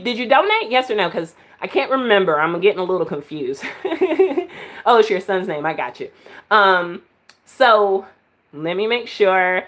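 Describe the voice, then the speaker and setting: A woman's voice: mid-range voice, fairly bright tone. A woman giving live-stream psychic readings, chatty and full of filler words, at times laughing. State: out of breath. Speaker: psychic reader.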